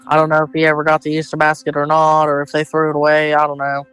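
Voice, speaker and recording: A man's voice: on the high side, monotone, fast talker, hardly any pauses, fairly bright tone, rough recording. A man with an Ohio accent telling a family story in casual, rambling speech full of fillers and retold dialogue. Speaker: interviewee, relative of the mother.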